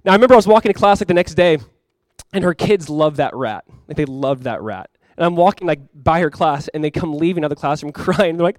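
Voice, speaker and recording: A young man delivers a sermon as a pastor, talking quickly in a slightly high voice. He keeps it conversational and acts out other people's words with lively jumps in pitch. The sound is dry and close. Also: no echo. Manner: casual storytelling with animated acted-out quotes.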